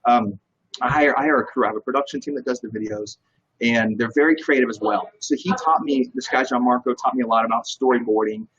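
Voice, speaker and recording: A man's voice: medium pitch, fast, breathy edge, highs cut off. A man, a real estate broker, talking as a guest in a casual interview and telling stories with lots of energy. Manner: energetic, animated storyteller.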